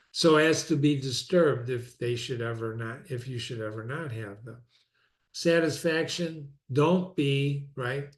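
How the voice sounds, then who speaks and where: Reflective man reading and musing aloud. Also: medium pitch. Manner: reflective, conversational, repeats phrases for emphasis; reads quoted passages slowly and deliberately. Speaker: reader and teacher of classic philosophy. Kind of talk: reading aloud with personal commentary.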